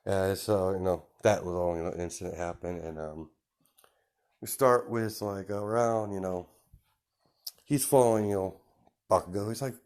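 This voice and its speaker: Man, deep voice, improvised story, rambling, filler-heavy. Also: moderate pace, pauses often, a little mellow. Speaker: fan story narrator.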